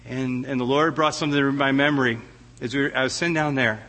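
A man's voice: medium pitch, fairly even intonation, fast talker, a bit bright, big-room sound. A middle-aged man preaching a heartfelt sermon as a guest preacher, often stammering and restarting his words. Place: church sanctuary.

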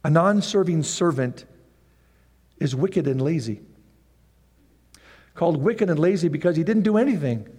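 A man's voice: mid-range voice, darkish tone, in a large hall. A man preaching a sermon in a conversational way who acts out the scenes. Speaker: pastor.

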